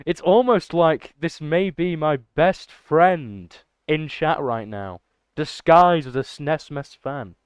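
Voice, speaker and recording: A young man chatting excitably and rambling to his livestream chat. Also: fairly high pitch, takes it slowly, smooth, no echo. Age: young adult. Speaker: streamer. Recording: dull lo-fi dry mic.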